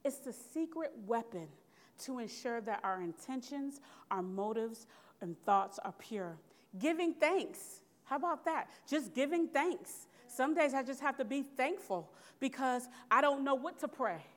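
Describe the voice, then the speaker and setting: A woman delivers a sermon with a fairly high voice. Her preaching is earnest and conversational. She turns to the listeners with quick questions and calls for amens. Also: animated. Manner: earnest, conversational preaching with call-and-response asides.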